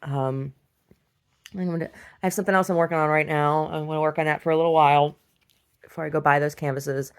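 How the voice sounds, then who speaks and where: A woman's voice: sits low, fairly even intonation, fast, pauses often, clean tone. A middle-aged woman chatting casually and bawdily, laughing often and cooing at her dog. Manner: bawdy, giggly, talks baby-talk to her dog. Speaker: vlogger. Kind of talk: casual chat.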